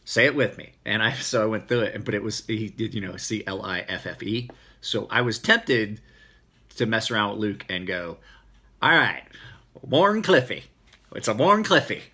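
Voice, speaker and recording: A man's voice: fairly low pitch, moderate pace, husky. A middle-aged man with a rural American country accent, rambling casually through viewer questions. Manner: rambling, relaxed, self-correcting. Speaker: knife maker answering viewer questions. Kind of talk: casual Q&A video.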